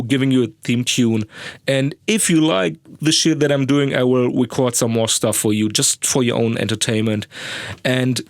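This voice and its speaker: Recorded in a sound booth with no echo, this young German-native man hosts a podcast. His medium-pitched voice carries a casual monologue that's crude, rambling and self-mocking.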